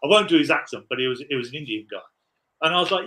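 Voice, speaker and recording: A man's voice: a little high, expressive, very fast, pushed and bright, low-quality recording. A man in his forties, a podcast guest, telling rambling, laughing anecdotes in casual chat.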